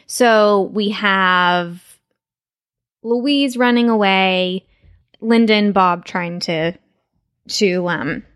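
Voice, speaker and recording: A woman from Texas co-hosting a podcast in a relaxed chat, talking quickly with many fillers and restarts. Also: medium pitch, clear, resonant tone, no echo, clean studio sound. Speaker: podcast co-host. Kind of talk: casual chat.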